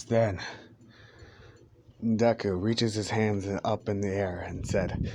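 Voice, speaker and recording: A young man tells a fan-made story in a slow, unhurried voice. He rambles, jokes and swears freely. His narration is casual and loose, never polished. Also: lowish voice. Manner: crude, joking, rambling.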